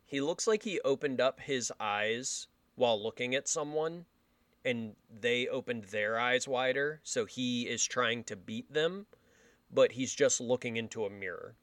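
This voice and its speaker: A man's voice: medium pitch, measured pace, no echo. A young man co-hosting a casual podcast, joking and swearing freely, speaking into a podcast microphone. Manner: profane, joking, animated. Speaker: podcast co-host.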